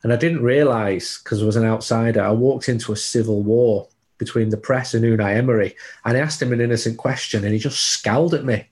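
A man's voice: medium pitch, fairly quick, a little mellow. A man, a football journalist chatting casually on a podcast, digressive and prone to restarts.

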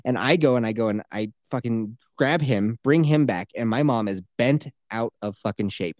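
Young male host, loose profane storyteller, average pitch, dry mic. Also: normal speed, a little mellow, no echo. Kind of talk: casual chat.

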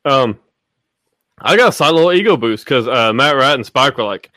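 A man's voice: medium pitch, animated, normal speed, bright, forceful tone, no room sound, studio quality. A man hosting a casual podcast chat, rambling with lots of fillers and swearing. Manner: rambling, profane, full of fillers. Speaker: podcast host.

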